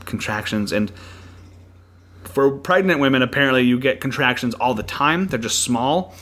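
A man co-hosting a podcast, chatting casually and retelling a show with animated storytelling. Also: mid-range voice, moderate pace. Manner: animated storytelling with playful impressions. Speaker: podcast co-host.

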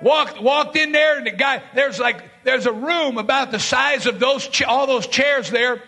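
A man preaching a fiery sermon, telling stories from his street and jail ministry and shouting his main points. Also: very high-pitched, a little slow, vocal fry. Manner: shouting bursts, dramatic retelling with voiced quotes.

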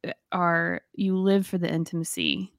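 A woman's voice: on the low side, sing-song, moderate pace, clean tone, dry recording, studio quality. A woman with a Southern US accent co-hosting a faith podcast, chatty and affirming. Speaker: podcast co-host. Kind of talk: casual faith podcast chat.

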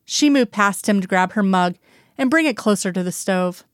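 A woman reads a story aloud in a steady, even narrating voice. Her pitch sits in the middle of the range. The recording is close and dry, with no room sound. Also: normal speed, dry recording. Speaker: audiobook reader. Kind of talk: reading fan fiction aloud.

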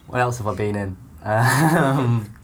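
A man's voice: medium pitch, slow pace, slight background noise, lightly acted. A man doing a loose celebrity impression in comedy improv, a rambling, hesitant, self-promoting beer seller. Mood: boastful. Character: man's mock film-star impression, pushy beer seller.

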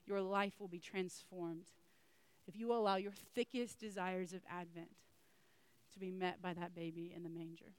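A woman's voice: fairly low pitch, steady tone, normal speed, smooth. A woman preaching a sermon in an earnest way, speaking straight to her listeners with repeated questions.

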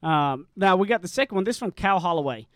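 A man's voice: high-pitched, lively intonation, fast talker, a bit bright, dry recording, studio quality. A man with a rural American accent, hosting a casual chat and telling rambling stories with lots of restarts. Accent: rural American Southern. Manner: self-described redneck drawl, rambling storyteller. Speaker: podcast host.

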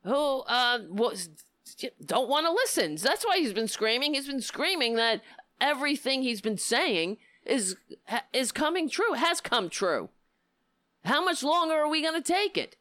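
A woman hosting a political talk show, giving impassioned, indignant commentary with a hoarse voice. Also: high voice, very animated, unhurried, no room sound. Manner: impassioned, indignant, rising to near-shouting.

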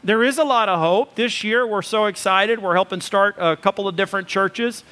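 Man, pastor, sermon, high voice, talky with fillers, emphatic lists. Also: normal speed, sharp tone. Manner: conversational preaching with fillers, rising to emphatic lists.

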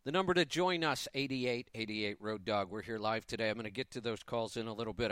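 A man's voice: medium pitch, animated, fast talker, few pauses, a bit bright, dry recording. A man in his fifties hosting a live talk radio show, giving an opinionated, emphatic monologue with a touch of sarcasm.

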